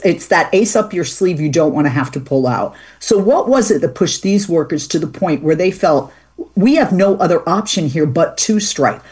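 A woman's voice: sits low, darkish tone, husky. A woman hosting a talk radio show, chatting with a guest in a loose way full of fillers and restarts. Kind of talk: casual talk show interview.

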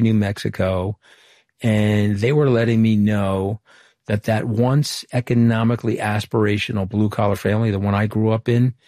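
Brisk storytelling man, low and dry. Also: darkish tone, dry recording. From Long Island, New York. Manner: brisk anecdotal storytelling with quoted dialogue. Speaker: interview guest, former political communications director. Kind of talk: candid storytelling interview answers.

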